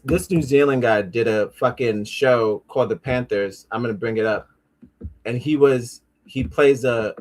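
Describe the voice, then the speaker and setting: Rambling, profane man hosting a show. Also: medium pitch. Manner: rambling and profane, with frequent restarts and asides; easily frustrated, talks back at his devices. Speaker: podcast host. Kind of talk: casual pop-culture commentary.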